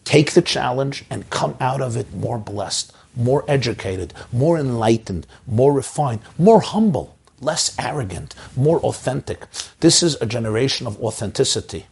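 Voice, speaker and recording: A man who is a rabbi, giving an inspirational Torah talk to community leaders with an impassioned delivery that leaps up in pitch for emphasis. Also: lively intonation, moderate pace, creaky, darkish tone, breathy edge.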